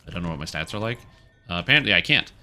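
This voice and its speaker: A male game streamer who rambles through his thoughts with plenty of fillers as he plays. His voice sits low but sounds very bright and forceful. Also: lively intonation, very fast, soft background music. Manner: chatty, rambling with many fillers. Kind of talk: casual gaming commentary.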